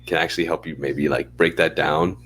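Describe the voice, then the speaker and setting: Low-voiced laid-back young man. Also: brisk, husky. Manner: relaxed, rambling, laughs often. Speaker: podcast co-host. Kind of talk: casual chat.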